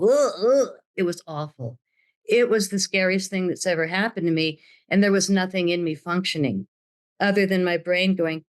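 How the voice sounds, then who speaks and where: Older woman, interview guest, animated storyteller who plays out every quote. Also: on the low side. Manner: dramatic, acts out quoted voices.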